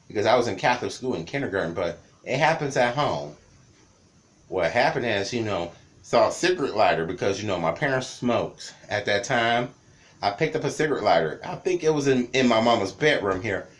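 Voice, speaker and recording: A man in his thirties from the Cleveland area, telling childhood stories in a casual, rambling vlog with lots of repetition. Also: mid-range voice. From Cleveland area, Ohio. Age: 30s. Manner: rambling, repeats words, lively telling. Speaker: vlogger.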